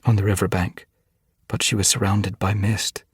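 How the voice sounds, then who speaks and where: A man voicing a worried, stubborn female medicine cat in a storybook reading, raising his voice high and pleading. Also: level tone, normal speed, husky, no echo, clean studio sound. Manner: raised pitch for a she-cat, earnest and pleading.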